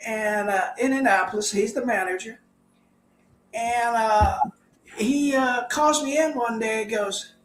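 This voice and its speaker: A man's voice: very high-pitched, a little slow, noisy background. An older man, a former ballplayer, telling stories casually over a video call, rambling and chuckling. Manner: rambling anecdotes, chuckles often. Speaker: guest, former baseball player. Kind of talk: casual storytelling. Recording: echoey room.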